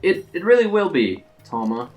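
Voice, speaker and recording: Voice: mid-range voice, sing-song, normal speed, a little mellow, lo-fi sound, soft background music, close to an everyday voice. A game player voicing an impatient woman stuck in a long line, grumbling and exasperated, reading game dialogue aloud.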